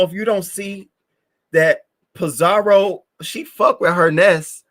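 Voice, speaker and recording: A man's voice: on the high side, fairly bright tone. Brash, profane male live-stream host. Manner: brash and profane, talking straight at the chat. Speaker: livestream host. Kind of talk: casual live-stream commentary.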